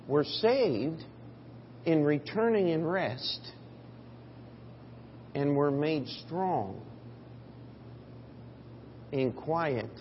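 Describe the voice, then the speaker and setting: A man's voice: a little high, a little hiss or hum. Preacher man in an echoing hall. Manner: storytelling, swings from quiet to loud. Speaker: pastor. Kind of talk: sermon. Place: church sanctuary. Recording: dull audio in a reverberant hall.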